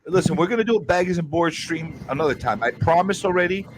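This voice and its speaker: A man hosting a casual livestream chat, greeting viewers in a quick, excitable, profane way. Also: on the high side, noisy background. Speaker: host.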